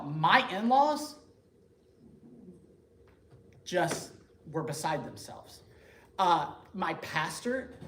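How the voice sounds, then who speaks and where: A man telling his conversion story to a parish group in a lively, joking, conversational way. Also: high voice. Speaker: speaker giving a conversion testimony. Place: church meeting room. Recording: echoey room, faint background noise.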